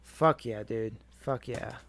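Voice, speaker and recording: A young adult man streaming a video game, tired and rambling, with profane deadpan grumbling. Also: mid-range voice, takes it slowly, a little hiss or hum. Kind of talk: casual gameplay commentary.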